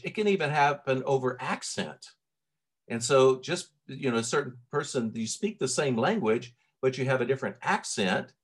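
Preaching in an easygoing, conversational style, a middle-aged man from Tennessee uses plenty of fillers and restarts. His Southern-accented voice sits in the mid range with a breathy edge.

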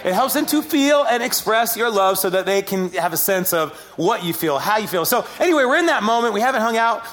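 A man preaching a sermon, telling stories with animated, self-deprecating humor. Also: high-pitched, a little fast. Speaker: pastor.

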